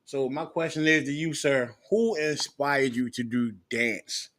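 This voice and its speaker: A man co-hosting a casual podcast chat, joking and cutting in with quick remarks. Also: medium pitch, a bit bright. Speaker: podcast co-host.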